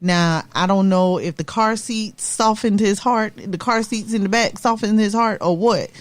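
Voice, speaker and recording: A woman's voice: medium pitch, moderate pace, no room sound. A woman co-hosting a casual podcast, steadily recounting something that happened to her. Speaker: podcast co-host. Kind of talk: casual chat.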